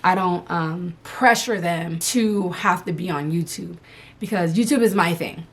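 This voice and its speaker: A woman's voice: on the low side, measured pace. A young adult woman at home answering viewer questions about motherhood in a candid, loose, casual chat. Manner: frank, candid, loose and chatty.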